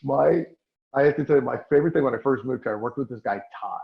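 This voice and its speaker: Gravelly-voiced man from Oklahoma hosting. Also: medium pitch, fast. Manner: swears freely, laughs while telling stories. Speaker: podcast host. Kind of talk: casual chat. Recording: echoey room, dull lo-fi sound.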